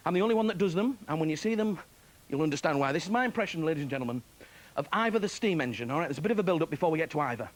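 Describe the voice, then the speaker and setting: A man's voice: a little high, expressive, very fast. A man doing a comic magic act on stage, chatty and self-mocking, chuckling at his own jokes, on a hissy 1990s TV broadcast. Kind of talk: stand-up comedy act.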